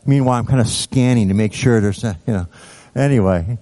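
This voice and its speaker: A man preaching, telling a story in a conversational, animated way with asides to the audience. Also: fairly low pitch, brisk. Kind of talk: sermon storytelling. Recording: reverberant hall.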